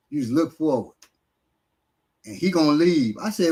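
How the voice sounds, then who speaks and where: A man's voice: fairly high pitch, normal speed, pauses often, darkish tone, poor audio. A man teaching martial arts on a casual live stream, answering questions in a blunt, streetwise way, sometimes swearing and often using fillers.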